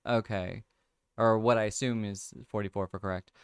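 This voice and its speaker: A young man casually hosting a livestream, thinking out loud over crossword clues, reading viewer comments and laughing often. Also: lowish voice, steady tone, moderate pace, smooth, no echo, clean studio sound. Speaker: livestream host. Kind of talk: casual chat, solving a crossword with chat.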